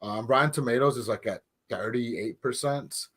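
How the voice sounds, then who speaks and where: A man co-hosting a movie podcast in casual chat, relaxed and rambling with many fillers. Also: mid-range voice, moderate pace, breathy edge. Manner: relaxed, rambling, lots of likes and ums. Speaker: podcast co-host.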